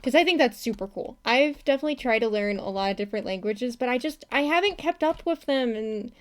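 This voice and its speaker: Female streamer, slightly high voice, loose casual chatter full of giggles and restarts. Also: smooth. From not from Texas. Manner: rambling, giggly, laughs often, many restarts. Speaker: animator streaming her work. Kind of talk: casual live-stream chat while working.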